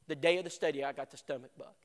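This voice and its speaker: A man teaching a church Bible lesson through an animated personal story, acting out voices and stammering over repeated words. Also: on the high side, rapid-fire. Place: church hall. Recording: long hall reverb.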